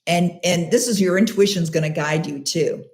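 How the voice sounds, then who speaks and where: A woman's voice: fairly low pitch, moderate pace, a little mellow. A middle-aged woman hosting a live question-and-answer show, coaching listeners in an emphatic, encouraging way and repeating key phrases for stress. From Canada.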